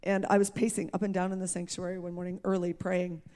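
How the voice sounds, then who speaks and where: A woman's voice: fairly low pitch, flat delivery, fast, dark tone. A woman preacher giving a personal testimony, candid and emphatic, often laughing at herself. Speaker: preacher sharing her testimony.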